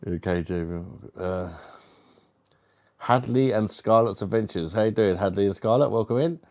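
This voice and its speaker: A man's voice: on the low side, normal speed, a little mellow. A man hosting a live stream, reading out viewer comments with crude, matey banter. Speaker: livestream host.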